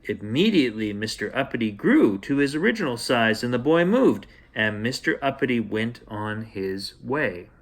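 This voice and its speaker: Male host reading a children's bedtime story, playful and gentle, animated intonation. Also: medium pitch, moderate pace, hardly any pauses. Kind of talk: bedtime story read aloud.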